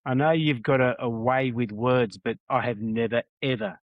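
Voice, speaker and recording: A man co-hosting a sports podcast, talking in a relaxed, easygoing way with frequent "uh"s. His voice sits at a middle pitch, and the sound is close and dry. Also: normal speed, dry recording, lo-fi sound. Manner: relaxed, filler-heavy, chuckling. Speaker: podcast co-host. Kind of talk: casual sports podcast chat.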